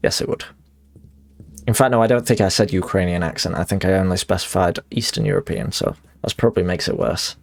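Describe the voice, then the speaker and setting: A man's voice: low-pitched, brisk, gravelly. A young man streaming a game live and chatting as he plays, rambling and self-mocking with many restarts.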